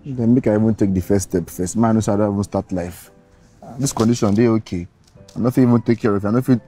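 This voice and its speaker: A man's voice: fairly low pitch, fast, warm tone, faint music behind. A young man with a Nigerian accent, pleading and coaxing in film dialogue. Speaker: poor young lover.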